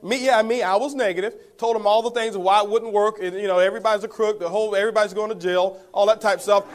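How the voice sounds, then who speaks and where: His voice sits high, his intonation stays fairly even, and he talks fast. This network marketing speaker is giving a motivational talk, telling the audience his story while calling them guys and chuckling.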